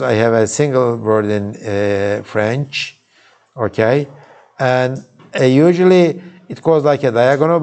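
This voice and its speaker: A man with a mid-range, darkish voice and a Turkish accent gives a casual university lecture, recorded live in a lecture hall. He's informal, often restarting sentences and making asides to check in with students.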